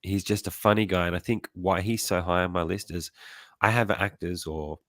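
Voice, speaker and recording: A man's voice: sits low, fairly even intonation, normal speed, fairly bright tone, no room sound, studio quality. A man hosting a casual live chat about comedy, sounding congested from a sinus illness, laid-back and laughing often. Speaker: host.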